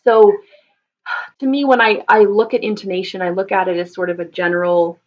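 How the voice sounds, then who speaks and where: A woman's voice: mid-range voice, fairly even intonation, brisk. Patient woman voice teacher, thoughtful. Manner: thoughtful, many ums and restarts, explains patiently. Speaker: voice teacher answering viewer questions. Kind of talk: live Q&A teaching. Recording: slightly dull lo-fi sound.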